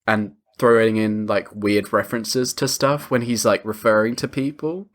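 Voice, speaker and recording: A co-host of a film podcast in casual chat, animated, often acting out lines from the film. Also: medium pitch, moderate pace.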